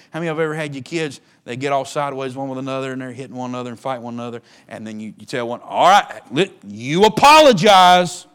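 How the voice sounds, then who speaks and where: Guy preaching, folksy and emphatic, mid voice, goes loud then real quiet. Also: medium pitch, smooth. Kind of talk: sermon.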